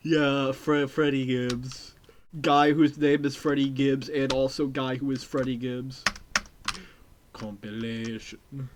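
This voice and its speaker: A game streamer chatting live with viewers, rambling and excitable, repeating phrases and swearing casually. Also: mid-range voice, takes it slowly, slight background noise. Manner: talks to chat and repeats phrases. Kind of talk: casual live-stream chat while playing.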